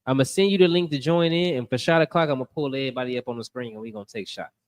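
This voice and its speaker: A man hosting a casual podcast, telling stories in an animated way and acting out the voices of the people in them. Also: medium pitch, racing. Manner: animated storytelling, acts out voices. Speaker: podcast host.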